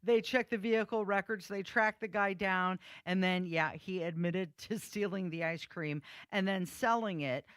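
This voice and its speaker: A woman's voice: mid-range voice, normal speed, hardly any pauses, fairly bright tone, smooth, no echo. A woman radio co-host chatting casually and amused about news stories. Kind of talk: casual talk radio chat. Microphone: studio microphone.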